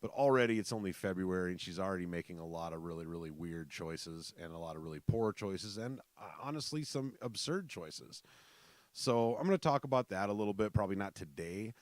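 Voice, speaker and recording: A man's voice: sits low, lively intonation, a little fast, no room sound. A man from South Dakota hosting his own podcast, rambling in casual chat with many fillers and restarts. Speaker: podcast host.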